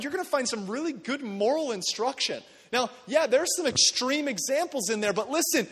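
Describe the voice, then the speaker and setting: High-voiced preaching man in an echoing church. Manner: animated, conversational preaching with acted-out quotes. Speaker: pastor. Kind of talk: sermon. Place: church sanctuary.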